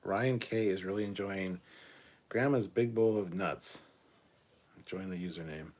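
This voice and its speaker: A man in his thirties from Canada hosts a relaxed live hangout and reads viewer messages aloud. His voice sits low and a little husky. He reacts off the cuff, laughing and swearing as he goes. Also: measured pace. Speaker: livestream host reading chat. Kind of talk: casual live chat.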